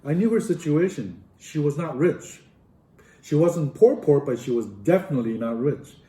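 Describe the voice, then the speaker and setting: A man, a professor, tells a story to a live audience and acts out each line of dialogue. His voice sits a little high but sounds mellow and dark, with lively pitch. The sound is roomy with hall echo. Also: moderate pace, distant mic. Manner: animated, acts out dialogue with big swings in voice. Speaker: professor and speaker.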